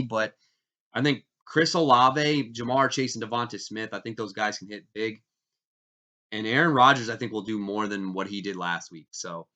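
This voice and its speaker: A man hosting a fantasy football league show, talking casually with animated, self-correcting energy while getting over being sick. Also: medium pitch. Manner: animated, hyped, self-interrupting. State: recovering from illness, coughing. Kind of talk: casual fantasy sports talk. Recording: dull lo-fi sound.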